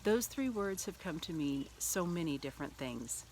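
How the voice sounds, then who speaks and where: A woman's voice: deep voice, moderate pace, a little hiss or hum. A middle-aged woman giving a church devotional through a personal story, acting out the lines she quotes. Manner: lively storyteller who acts out quoted lines.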